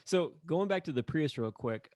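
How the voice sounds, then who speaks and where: A man's voice: a little high, lively intonation, normal speed, a little mellow, dry recording. A man from Northern Indiana co-hosting a podcast in casual chat. He is laid-back, laughs easily and rambles with fillers. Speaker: podcast co-host. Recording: dry close sound.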